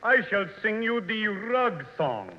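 A man's voice: high-pitched, big pitch swings, slow, heavily acted. A man playing a boastful fake Russian singer who speaks grand broken English, in a 1940s radio comedy. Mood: pompous. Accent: put-on Russian. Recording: thin, narrow 1940s radio broadcast with music.

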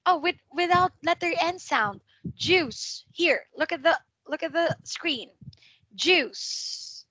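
Bright, slow-paced woman teaching English. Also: very high voice, lively intonation, dry recording. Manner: patient, drills pronunciation with slow repetitions. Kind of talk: online one-to-one tutoring. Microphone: video call.

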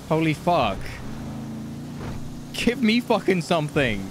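High, lively man, swearing and agitated. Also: measured pace. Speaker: streamer playing a street dealer character. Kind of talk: role-play phone calls. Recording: game car noise behind.

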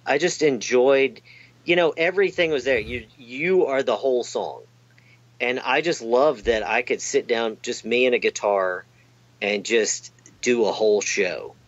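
A man's voice: mid-range voice, unhurried, no room sound. A man talking loosely in an interview, trailing off and circling back with plenty of fillers. He pokes fun at himself as he goes. The recording sounds a little dull and lo-fi. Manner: rambling, self-deprecating, many fillers and restarts. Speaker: amp technician guest. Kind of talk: casual interview chat.

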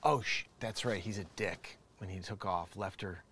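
A man's voice: low voice, normal speed, hardly any pauses, fairly bright tone, slightly rough, no room sound. A man hosting his own show, ranting comically from a home studio, rambling, profane and laughing often. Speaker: show host. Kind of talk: ranting comedic commentary.

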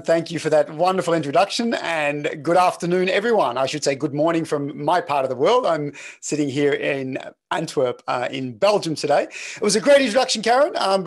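Aussie prof guy on a webinar, high-ish voice, chatty and jokey, reads the chat out loud. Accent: Australian, slightly mixed. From Australia. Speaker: professor giving a webinar. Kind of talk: interactive online lecture.

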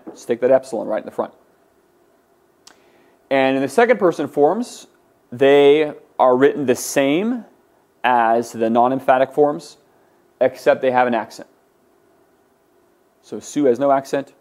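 Speaking in a mid-range, darkish voice, the Greek teacher is animated but keeps a measured pace with long pauses. He lectures his class, patiently explaining forms and getting students to pronounce words aloud.

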